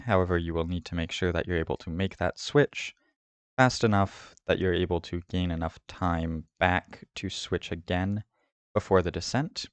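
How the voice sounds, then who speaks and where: A man hosting a route guide, giving a steady, methodical voice-over about a race course. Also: deep voice, no echo. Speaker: host of a cycling route guide. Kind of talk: scripted voice-over over game footage.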